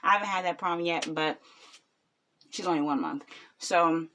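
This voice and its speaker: A woman's voice: fairly low pitch, moderate pace, fairly bright tone, a little hiss or hum. A woman in her twenties, a new mother, talking bluntly and rambling with lots of ums in a casual reaction vlog. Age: 20s.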